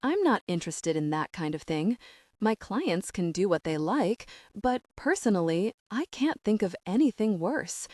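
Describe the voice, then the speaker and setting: A woman reading the lines of a calm, composed businessman boyfriend in a measured, unruffled way. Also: mid-range voice, no echo, studio quality.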